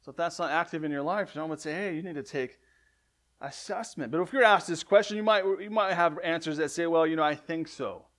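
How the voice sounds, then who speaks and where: Male pastor, sermon, fairly high voice, conversational, loud and soft swings. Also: fast talker, few pauses. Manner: conversational, frequent "right?" asides and self-corrections; lively swings between loud emphatic and soft lines.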